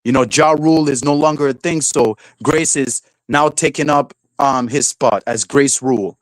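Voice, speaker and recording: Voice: mid-range voice, moderate pace, dry recording, poor audio. A streamer host in a casual livestream rant, swearing freely, laughing often and mocking people with silly voices.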